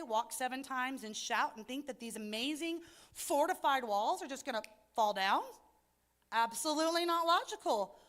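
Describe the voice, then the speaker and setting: A woman's voice: sits high, fairly bright tone. A woman teaching an adult Bible study in an earnest, reflective way that rises to emphatic points.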